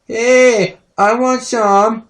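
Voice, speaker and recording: Man doing a two-year-old girl, sly, cutesy, drawn out and high. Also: fairly even intonation, extremely slow, a bit bright, echoey room, heavily acted. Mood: demanding. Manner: sly, cutesy, whispering at times.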